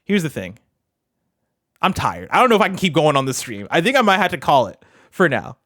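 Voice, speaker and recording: A man's voice: mid-range voice, a bit bright, dry recording, clean studio sound. A man streaming casually, thinking aloud and often trailing off mid-sentence as he talks through his lyrics. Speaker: streamer writing rap lyrics. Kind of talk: casual livestream chat.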